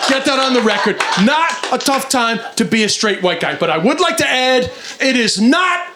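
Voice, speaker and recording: A man in his forties from Queens doing a brash stand-up set in a small club, shouting his punchlines. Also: extremely high pitch, animated, moderate pace, background noise. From Queens, New York. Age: 40s. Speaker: stand-up comedian.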